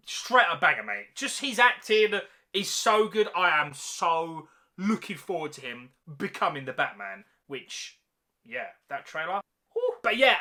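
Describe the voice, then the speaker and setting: Young male vlogger, high and sharply bright voice, slangy enthusiastic reviewer. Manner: enthusiastic slangy chatter, calls listeners mate. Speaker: movie reviewer. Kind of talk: casual film review.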